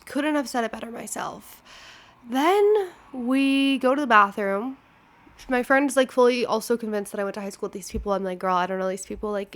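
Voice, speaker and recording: A woman's voice: on the high side, gravelly. A woman in her twenties hosting a podcast, telling a rambling story in a chatty, casual way full of fillers. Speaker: podcast host.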